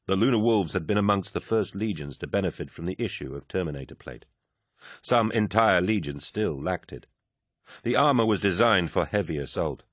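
Audiobook narrator: a man with a very low voice, even delivery, dry studio sound. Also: no room sound. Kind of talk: scripted narration.

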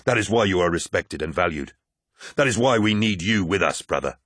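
A man's voice: deep voice, lively intonation, fairly quick, fairly bright tone, dry recording, studio quality. A man reading an audiobook, voicing a zealous male warrior who rails against betrayal in an impassioned, declaiming way. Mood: coaxing. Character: zealous male warrior-orator, fervent and indignant. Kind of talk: audiobook character voice.

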